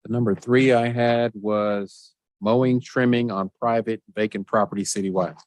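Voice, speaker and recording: A man in a government budget meeting, naming his priorities one by one in a measured way. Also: on the low side, steady tone, a little mellow, dry recording. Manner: measured, deliberate listing.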